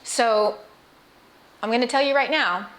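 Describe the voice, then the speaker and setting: A middle-aged woman with cancer talks to the camera about her illness in a personal vlog, earnest and emotional, restarting sentences and adding asides to viewers. Her voice sits a little high, with a fairly bright tone and a measured pace.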